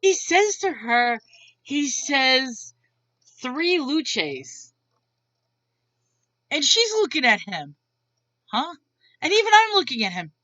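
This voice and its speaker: A woman vents to camera in a blunt, exasperated rant, swearing freely. Her voice is bright and forceful, pitched a little high. The sound is dull, lo-fi and dry. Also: sing-song, measured pace, no echo. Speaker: vlogger.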